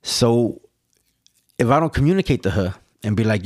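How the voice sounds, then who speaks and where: A man's voice: mid-range voice, big pitch swings, normal speed, pauses often, a little mellow, dry recording, clean studio sound. A man hosting a casual solo podcast, rambling and swearing as he poses rhetorical questions to himself. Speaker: podcast host.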